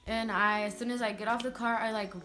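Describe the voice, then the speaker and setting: A woman's voice: fairly high pitch, little pitch movement, brisk, pushed and bright, faint music behind. A young woman vlogger telling a personal story in a rambling way, full of "like" fillers. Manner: rambling, heavy use of "like" fillers.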